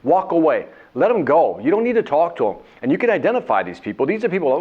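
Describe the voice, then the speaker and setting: A man's voice: on the high side, fast talker, hardly any pauses. A man giving a motivational sales talk, telling a story and acting out whining voices along the way. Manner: animated, acts out whining voices and characters. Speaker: sales trainer. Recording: dull lo-fi sound.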